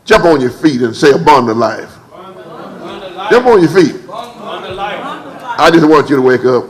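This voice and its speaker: A man preaching a church sermon. He calls on the congregation to answer back, repeats and stammers over words, and leaps higher when he acts out quotes. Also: animated, brisk, low-quality recording. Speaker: pastor. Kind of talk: preached sermon with call-and-response. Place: church service.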